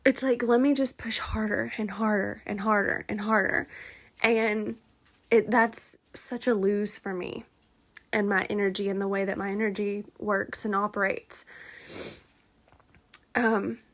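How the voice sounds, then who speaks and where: A woman's voice: medium pitch, level tone, a little slow. A woman hosting her own podcast in a candid, confessional monologue, swearing freely and laughing between thoughts. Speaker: podcast host.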